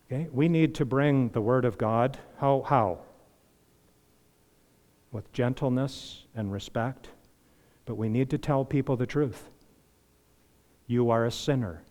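A man preaching a sermon as pastor, impassioned, swinging between loud emphasis and hushed earnestness. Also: mid-range voice. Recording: long reverb of a large hall.

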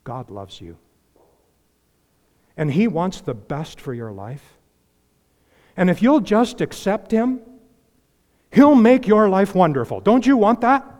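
A glib, salesy preacher coaxes his listeners toward an easy gospel, as a man mimics him. The voice sits a little high, and the words ring out with a long echo around a large hall. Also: big pitch swings, slow pace, pauses often, a little mellow, heavily acted. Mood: coaxing. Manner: salesy, coaxing.

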